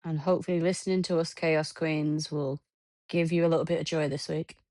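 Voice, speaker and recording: A woman co-hosting a casual podcast, her voice low for a woman and recorded dry and close. She drops in deadpan, teasing remarks between her friend's chatter. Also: brisk, no room sound. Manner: dry, teasing one-liners. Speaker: podcast co-host. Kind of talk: casual chat.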